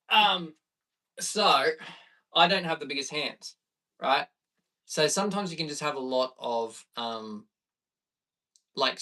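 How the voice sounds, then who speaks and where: Bright-voiced Australian man chatting on stream. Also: medium pitch, recorded from a distance. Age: 30s. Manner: chatty and easygoing, reading viewer questions aloud. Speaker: streamer and bass player. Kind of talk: casual live-stream chat with viewers.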